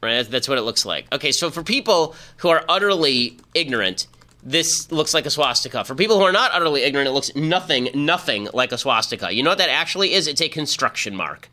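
A man hosting his own political podcast, delivering a fast, combative monologue with mocking jabs. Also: fairly high pitch, lively intonation, sharp tone. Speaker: podcast host. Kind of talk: opinion commentary monologue.

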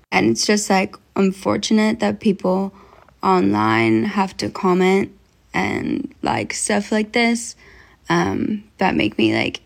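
A young woman talking to camera in a social media clip, speaking in an earnest, open, soft-spoken way. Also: medium pitch, vocal fry.

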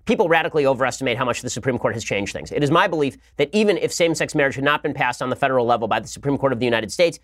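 A man's voice: medium pitch, fairly bright tone, no room sound, clean studio sound. A man hosting a political commentary show, delivering a combative monologue in a sarcastic, mocking manner.

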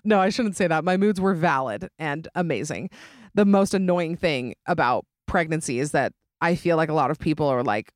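A woman's voice: deep voice, animated, normal speed, no room sound, studio quality. A young adult woman hosting a podcast, chatting casually and dramatically, often laughing. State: pregnant. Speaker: podcast host. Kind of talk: casual chat.

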